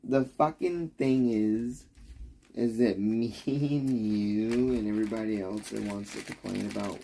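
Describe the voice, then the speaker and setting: A young man with a gravelly, creaky voice rants at his stream chat in slow, drawn-out bursts. His tone is heated and sarcastic, and he swears freely. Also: lowish voice, steady tone, warm tone, slight background noise. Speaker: livestreamer. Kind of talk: ranting livestream chat.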